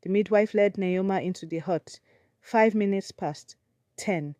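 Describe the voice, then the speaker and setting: A woman's voice: medium pitch, measured pace, mellow, no echo. A woman storyteller narrating a dramatic folktale with suspense.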